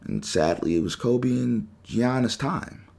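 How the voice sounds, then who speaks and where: Animated young man hosting sports talk. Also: mid-range voice, a little slow, gravelly. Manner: animated storytelling, acts out quotes. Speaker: sports talk show host. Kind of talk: emotional sports talk monologue.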